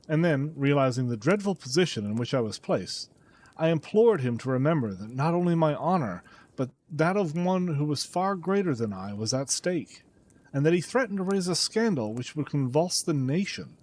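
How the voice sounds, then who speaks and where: A man narrating a classic detective story as an audiobook, dramatic and expressive. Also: fairly high pitch, moderate pace.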